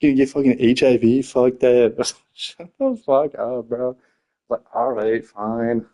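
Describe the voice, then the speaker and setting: A young man chats casually, telling rambling stories in a loose, profane way. He leans on fillers and breaks into laughter often. His voice sits at an everyday middle pitch. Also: steady tone, a little slow, warm tone. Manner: frequent laughter. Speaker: teacher. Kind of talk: casual podcast chat.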